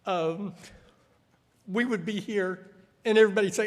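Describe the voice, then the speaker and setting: A man's voice: sits high, moderate pace, long pauses. A man preaching a sermon, telling stories and acting out the voices of people he quotes. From United States. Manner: storytelling, acts out quoted voices. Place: church hall. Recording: echoey church hall.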